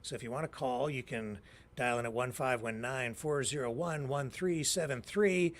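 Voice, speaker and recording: A man's voice: medium pitch, normal speed. A man hosting a live call-in talk show, chatting casually with guests and callers between breaks. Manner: relaxed, chatty, reads out phone number.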